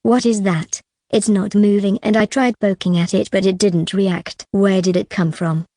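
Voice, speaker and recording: Excitable young girl firing questions, read by a woman, mellow dry audiobook voice. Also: medium pitch, dry recording, close to an everyday voice. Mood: curious. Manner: rapid-fire questions.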